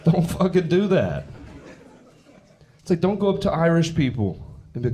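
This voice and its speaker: A brash young Englishman with an English accent works a live stand-up crowd, swearing and teasing the audience. His voice leaps and dips with wide, lively pitch. Loud laughter from the audience fills the gaps, caught through a handheld stage mic in a theater. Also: normal speed, pauses often, background noise. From England. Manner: brash, profane, mocking crowd banter. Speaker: stand-up comedian. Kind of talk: stand-up comedy set.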